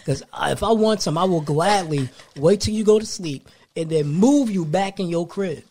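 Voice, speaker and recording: A man's voice: high voice, normal speed. A young man chats casually as a podcast host. He tells stories with a lot of animation and jumps into other people's voices when he quotes them. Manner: animated storytelling, acts out quoted lines. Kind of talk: casual chat.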